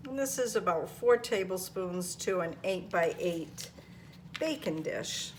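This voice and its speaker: Slow, homey older woman. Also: lowish voice, lively intonation, slight background noise. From Maine. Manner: homey, chatty, talks viewers through each step. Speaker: home cooking vlogger. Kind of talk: casual cooking demonstration. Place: home kitchen.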